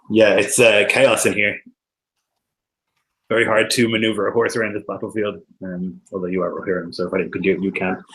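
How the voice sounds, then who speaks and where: Low-voiced male game master, casual, chatty, faint hiss behind. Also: a bit bright, low-quality recording. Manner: casual, lots of fillers and sound effects. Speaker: dungeon master. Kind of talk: narrating a tabletop game.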